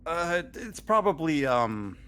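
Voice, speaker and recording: A man's voice: fairly high pitch, slow, slight background noise. A man narrating as game master of an online tabletop role-playing game, talking casually with fillers and restarts. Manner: relaxed, with many fillers and restarts.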